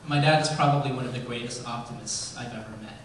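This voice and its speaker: Man in his forties delivering a storytelling eulogy, halting with ums, heard from a distance in a very echoey hall with faint ambience. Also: medium pitch, steady tone, a little hiss or hum. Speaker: son giving a eulogy. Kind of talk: eulogy told as personal stories.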